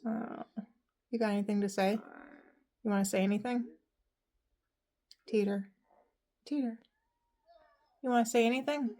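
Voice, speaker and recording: In her home living room, a woman chats casually with her pet parrots and slips into sing-song baby talk. Her mid-range voice is steady and a little mellow, at normal speed with frequent pauses.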